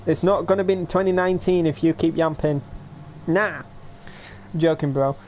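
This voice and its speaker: A young man in his late teens with a voice pitched a little higher than most men's. He chats loosely to his viewers during a home livestream, rambling from one thought to the next. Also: normal speed, darkish tone, slight background noise. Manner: rambling, chatty, talks straight to viewers. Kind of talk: casual rambling livestream chat.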